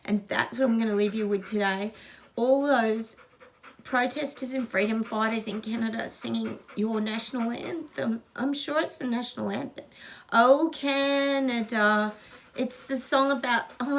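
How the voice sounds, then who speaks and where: A woman's voice: a little high, creaky, slight background noise. A middle-aged Australian woman, a psychic host, talking to viewers in a gushing, emphatic way. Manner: gushing, emphatic, gets emotional. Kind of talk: casual psychic reading to viewers.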